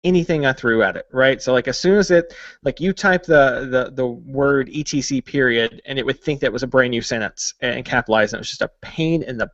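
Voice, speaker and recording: A man's voice: medium pitch, fairly quick, hardly any pauses, fairly bright tone, no echo, highs cut off. A man hosting a podcast, talking casually and joking, with lots of fillers. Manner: chatty, jokey, many fillers. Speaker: podcast host. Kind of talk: casual chat.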